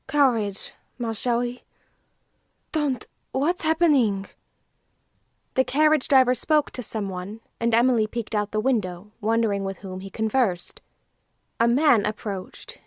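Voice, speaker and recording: A woman narrating an audiobook in a measured, unhurried reading. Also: fairly high pitch, no room sound, clean studio sound. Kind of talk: scripted narration.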